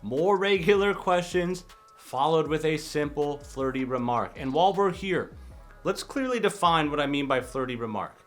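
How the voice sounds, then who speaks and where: Young man, dating coach, casual vlog talk, slightly high voice, faint background music. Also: lively intonation. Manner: conversational, acts out example lines in quick asides. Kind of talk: casual talking-head advice vlog.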